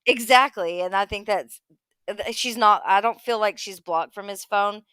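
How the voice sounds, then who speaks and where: A woman's voice: mid-range voice, moderate pace, fairly bright tone, clear, resonant tone, dry recording. Woman gossiping on a live stream, snarky, dry close sound. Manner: gossipy, sarcastic commentary. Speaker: livestream co-host. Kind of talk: casual chat.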